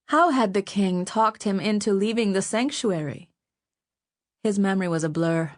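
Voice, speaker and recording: A woman with a lowish voice narrates a novel. She reads at a measured, steady pace, with a calm, even delivery. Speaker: audiobook narrator. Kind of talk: scripted audiobook narration.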